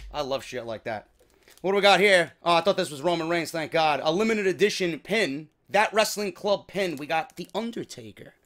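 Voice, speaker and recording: High, bright-voiced swearing New York man. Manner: heavy swearing, excitable. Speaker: wrestling show host. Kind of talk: casual unboxing chat.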